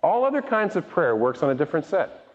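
A male pastor preaches a sermon in a high, fast, animated voice that ranges widely, often repeating a word when he restarts. He acts out the voices of the people he quotes. The recording sounds dull and muffled, with the long reverb of a large hall.

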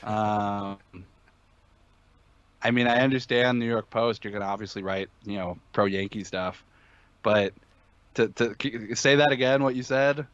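A man's voice: on the low side, measured pace, pauses often, dry recording, muffled recording. A man talking sports betting in a casual podcast chat, emphatic and opinionated, with many fillers and restarts.

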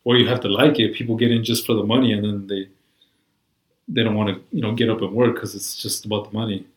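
A man's voice: fairly low pitch, fairly even intonation, fast, reverberant, poor audio. A man in casual chat, talking in a rambling, profane way full of "like" and "you know".

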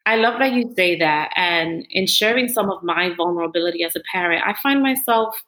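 A woman's voice: lowish voice, a little fast, rough recording. Emotional, reflective woman host. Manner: warm, openly emotional, reflective. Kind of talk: casual interview chat.

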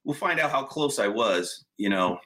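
A man telling car stories in casual, profane, animated chat. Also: lowish voice, normal speed.

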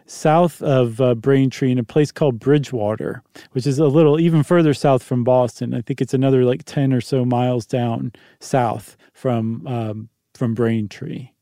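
A man co-hosting a podcast in relaxed, joking chat, rambling a little with fillers. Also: medium pitch, normal speed, few pauses, no room sound, studio quality. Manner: rambling, jokey, many fillers. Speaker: podcast co-host. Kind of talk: casual conversational chat.

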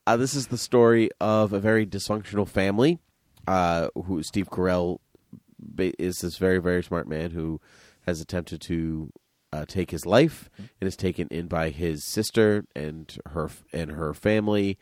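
A man hosting a casual podcast chat, playful and teasing, quick with a joke. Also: low voice, darkish tone, no echo, studio quality. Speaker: podcast host.

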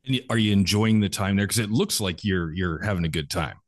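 Low-voiced podcast host. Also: male voice, fast. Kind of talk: casual chat.

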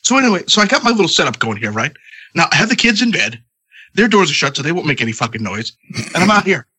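A man's voice: fairly high pitch, sing-song, fast, pushed and bright, slightly rough. A congested man in his thirties ranting profanely about his night at home, as a podcast co-host. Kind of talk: casual chat.

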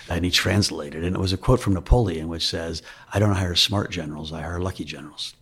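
A middle-aged man with a low, deep voice and a strongly husky, rough texture. He tells stories candidly in a conversational interview, animated and full of restarts. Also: fairly quick. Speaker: investment firm CEO, guest.

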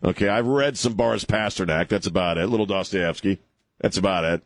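A man's voice: low-pitched, fairly quick, dry recording, clean studio sound. A man hosting a talk radio show, rambling and sarcastic, laughing at his own jokes. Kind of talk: casual talk radio banter.

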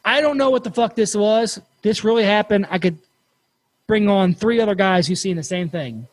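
A man hosting a podcast, telling a campfire story in a casual, animated way and swearing freely. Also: high voice, normal speed, dry recording. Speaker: podcast host.

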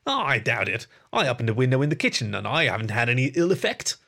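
A man voicing a grumpy, steady adult male rat in a storybook reading, with terse, grumbling lines. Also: medium pitch, quick pace, creaky, exaggerated voice. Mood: calm.

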